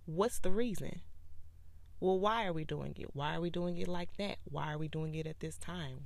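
A woman hosting a podcast, talking casually about parenting and faith in an animated, preachy way. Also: low-pitched, creaky, no echo. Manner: animated, preachy, acts out quoted voices. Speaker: podcast host.

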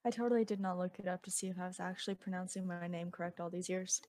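A young woman co-hosting a casual podcast, easygoing and quick to laugh. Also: fairly low pitch, fairly even intonation, a little mellow, slight background noise. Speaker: podcast co-host. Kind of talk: casual chat.

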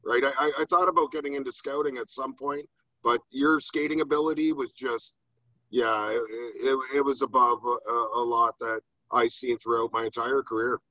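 A man who was once a hockey player, talking as a guest in a halting way that repeats words and ends with "right?". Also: mid-range voice, fairly even intonation, sharp tone, no room sound. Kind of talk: casual interview chat. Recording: dull lo-fi sound.

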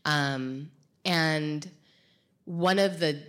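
A woman's voice: deep voice, very slow. A woman speaking in a reflective conversation, thoughtful and often searching for the right words.

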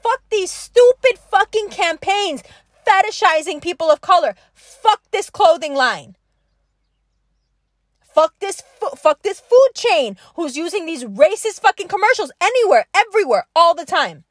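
A woman's voice: extremely high pitch, very animated, a little slow, no room sound, clean studio sound. A young adult woman delivering an angry, impassioned podcast monologue, emphatic and profane, hammering her points through repetition. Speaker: podcast host.

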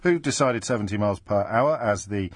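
A man hosting a radio phone-in, bantering quickly with callers and often cutting himself off mid-phrase. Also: fairly low pitch, animated, dry recording. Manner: quick, teasing, self-interrupting. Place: radio studio. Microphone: studio microphone.

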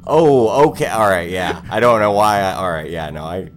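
A man's voice: sits low, animated, normal speed. A man co-hosting a podcast in casual comedic banter, rambling with hesitant fillers and laughing often. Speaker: podcast co-host.

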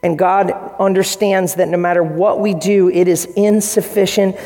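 A man's voice: sits high, steady tone, moderate pace, warm tone. Guy preaching to his church, earnest, does little voices for quotes, hall echo behind him. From United States. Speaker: pastor. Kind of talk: sermon.

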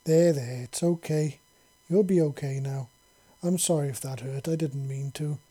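A man voicing gentle female alien doctors who speak softly and soothingly in a storybook reading. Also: fairly high pitch, moderate pace, breathy edge. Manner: soft, soothing, cooing.

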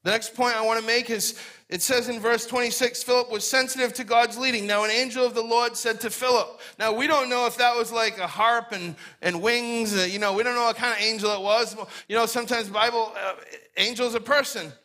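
Male preacher, high bright voice, animated sermon storytelling. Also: brisk. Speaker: pastor.

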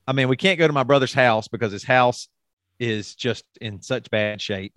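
A man's voice: mid-range voice, moderate pace, fairly bright tone, dry recording, studio quality. A middle-aged man co-hosting a podcast, talking frankly and at length in casual chat, swearing and restarting his sentences often. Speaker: podcast co-host.

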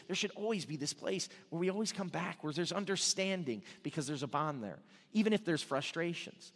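A man's voice: high voice, fairly bright tone, in a large hall. A male pastor preaching a sermon in a casual, joking storytelling way, with frequent restarts. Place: church sanctuary.

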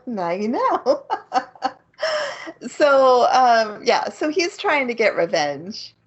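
A woman's voice: on the high side, huge pitch swings, drawn-out words, breathy edge. A woman co-hosting a casual anime podcast, recapping the plot with giggles and frequent ums. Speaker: podcast co-host. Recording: slightly dull lo-fi recording.

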